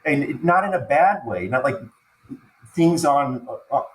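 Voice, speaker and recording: A man recounting a frightening personal experience as a podcast guest, halting and stumbling over restarts, sounding choked up as he talks. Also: a little high, lively intonation, a little hiss or hum. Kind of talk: emotional personal storytelling. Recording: roomy echo.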